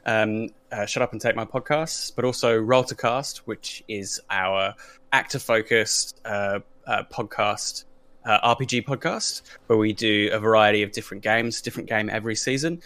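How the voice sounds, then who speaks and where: A man's voice: lowish voice, fairly even intonation, normal speed, a bit bright, clear, resonant tone, no room sound. A man who hosts a roleplaying podcast and runs games, talking casually with lots of ums and restarts. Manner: hesitant, many fillers and restarts. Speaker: podcast host and game master. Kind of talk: casual panel chat.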